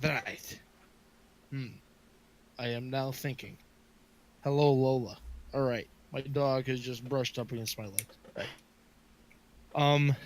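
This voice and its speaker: A man's voice: medium pitch, fairly bright tone. A man playing a tabletop game casually, rambling and joking. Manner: playful, rambling. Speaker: player.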